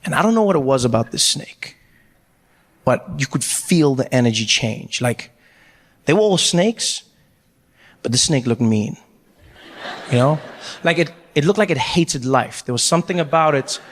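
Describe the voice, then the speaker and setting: A man telling a story in a stand-up comedy set, animated and acting out each character. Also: mid-range voice, moderate pace, long pauses, long reverb tail, a little hiss or hum. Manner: animated, acts out every character.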